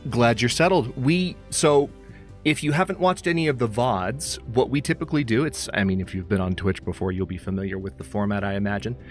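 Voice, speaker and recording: A man hosting a livestream, chatting casually and rambling as he greets viewers by name, speaking into a close mic. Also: medium pitch. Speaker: streamer host. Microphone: close studio mic. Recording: faint music behind.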